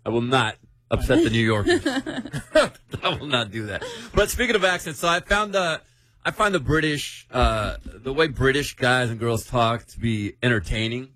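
A man's voice: mid-range voice, very animated, moderate pace, fairly bright tone, no room sound. A man hosting a casual group chat, playfully quizzing the others. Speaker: host.

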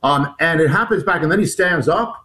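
Halting man telling an intense story. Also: fairly high pitch, lively intonation, pushed and bright, rough recording. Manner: halting, many restarts and repeated words. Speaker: author guest. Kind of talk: recounting a personal story in an interview.

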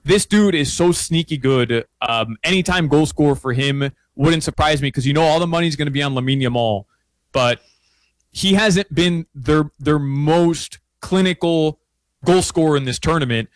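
A man chatting casually as a sports analyst guest, excitable, with lots of stammered restarts and fillers. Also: on the high side, normal speed, no echo. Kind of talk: casual sports betting chat.

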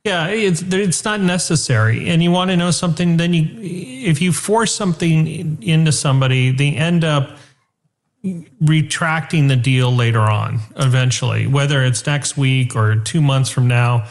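A man's voice: a little high, normal speed. Chatty male executive on talk radio. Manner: chatty, many fillers, acts out customer calls. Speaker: company chief executive guest. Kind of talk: radio interview.

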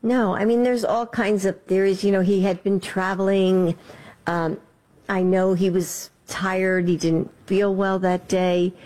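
A woman answering in an interview, hesitant and soft, with many pauses. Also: mid-range voice, flat delivery. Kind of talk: recorded interview clip.

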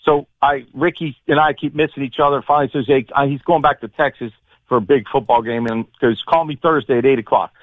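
Male caller, rapid eager storyteller, tinny phone line, mid pitch. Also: steady tone, no room sound. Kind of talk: call-in story.

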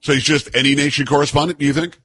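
A man's voice: fairly high pitch, flat delivery, racing, a bit bright, breathy edge, no echo. A man hosting a talk radio show, speaking in a rambling, folksy monologue with frequent restarts.

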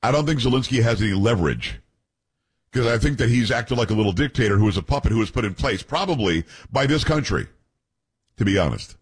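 A man's voice: mid-range voice, animated, fast, slightly rough. A man hosting a talk radio show, reading news aloud with blunt opinions and joking asides to his co-hosts.

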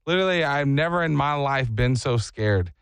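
A man hosting a talk show, telling stories with lively impressions. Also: medium pitch, moderate pace, clear, resonant tone, no room sound. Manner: animated storyteller, mimics people. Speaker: radio show host. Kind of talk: casual chat.

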